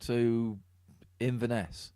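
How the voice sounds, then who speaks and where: A man's voice: mid-range voice, flat delivery, extremely slow, mellow, clean tone, no room sound. A man with an East Midlands accent, hosting a podcast in casual, laughing chat. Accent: East Midlands English. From Middle England. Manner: chatty, laughs often, swears casually. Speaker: podcast host.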